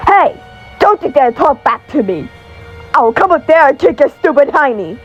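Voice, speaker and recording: A woman's voice: medium pitch, moderate pace, dark tone, lo-fi sound, soft background music, natural voice. A woman voicing a hot-headed, loyal kung fu rabbit hero in a homemade story. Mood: furious.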